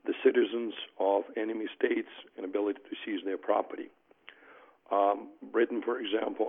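A man's voice: fairly low pitch, creaky, breathy edge. A man presenting a legal argument as a panelist, emphatic and peppered with uh and um fillers. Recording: tinny phone-like line.

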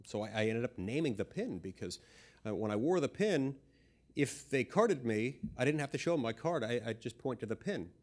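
A man of ordinary pitch delivers a speech as a senator, spinning a long anecdote for laughs. His humor is dry and self-deprecating, and his telling stays relaxed and conversational. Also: normal speed.

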